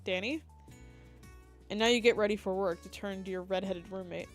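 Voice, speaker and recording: A young woman, a streamer, reading the text of a dating game aloud with lively asides and slips. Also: mid-range voice, moderate pace, pauses often, faint music behind.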